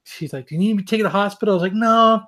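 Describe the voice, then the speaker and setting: A man co-hosting a podcast, telling a long story in a casual, animated, self-mocking way, with plenty of swearing. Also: high voice, racing. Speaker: podcast co-host.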